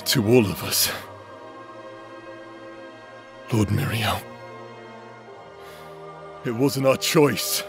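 A man voicing a tormented young man possessed by a sword, speaking in halting, broken-up bursts in an audio drama role-play with music behind. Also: fairly low pitch, creaky. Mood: bitter. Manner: haunted, halting, broken-up speech.

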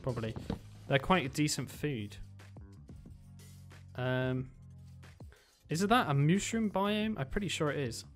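Man, slightly high voice, running let's-play commentary, chatty and excitable, faint music behind. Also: measured pace, long pauses. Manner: chatty, thinking aloud, excitable bursts. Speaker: gaming video creator.

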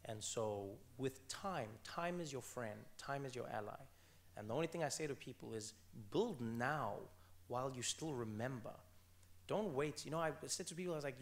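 An earnest South African man in his thirties, talking onstage as an author at a book event. His voice has a gravelly, creaky edge and sits at a middling pitch. He presses his points hard and circles back to repeat key phrases. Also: lively intonation, normal speed. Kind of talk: onstage conversation.

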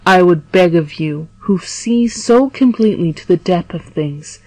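An earnest young sailor, locked up and eager to work out who betrayed him, as a woman reader voices him. The voice is lowish and dry, recorded close with no echo. It stays near the reader's own voice, read as a storybook. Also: measured pace, a little mellow. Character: young male sailor, wronged and earnest prisoner.

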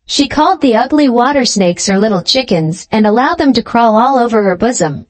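A woman narrating a fairy tale as a scripted storybook reading, in a steady, clear manner. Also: a little high, brisk.

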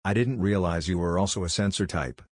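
A man's voice: sits low, fairly quick, no echo, clean studio sound. A man reading the part of a kind, confident young male ninja leader who speaks earnestly and persuasively. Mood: alert. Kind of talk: audiobook reading of fan fiction.

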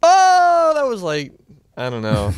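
A man hosting a casual game let's-play, excitable and playful, often bursting into high yelps. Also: measured pace, no echo. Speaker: gameplay channel host.

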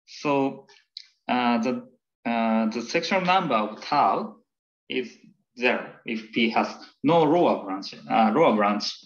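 Man, English speaker, academic lecture, halting, fillers, slow, muffled audio. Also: medium pitch, animated, a little hiss or hum. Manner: halting, many fillers and restarts. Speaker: presenter of a math talk.

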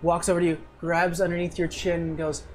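A game master narrating a tabletop fantasy game in a casual, halting way. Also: mid-range voice, level tone, faint music behind.

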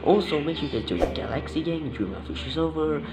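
Young guy vlogger, rambly and unsure, talks over loud music. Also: a little high, fairly quick, creaky, low-quality recording. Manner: rambling, hesitant, with many fillers. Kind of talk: casual vlog chat.

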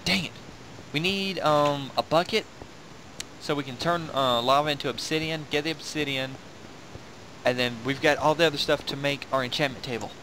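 A man's voice: a little high, moderate pace, a bit bright, slight background noise, poor audio. Rambling, jokey young man narrating a game. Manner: rambling and jokey, often laughing at himself. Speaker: gaming video host. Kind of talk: casual game commentary.

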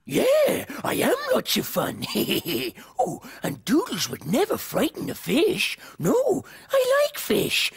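A woman's voice: very high-pitched, huge pitch swings, slow pace, vocal fry, hardly any pauses, full character voice. A woman voicing a playful, food-loving male puppet dog in a children's TV show, eager and giggly.

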